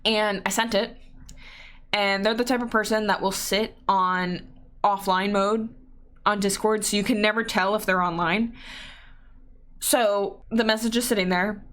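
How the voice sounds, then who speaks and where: A woman's voice: mid-range voice, steady tone, measured pace, long pauses, a bit bright. A young woman hosting a casual solo podcast, rambling and self-deprecating as she acts out bits of her own inner dialogue. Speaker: podcast host.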